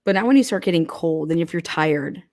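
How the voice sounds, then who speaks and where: A woman's voice: on the low side, lively intonation, a little fast, a little mellow. A woman giving casual, profane true crime commentary, blunt and heated, firing off rhetorical questions.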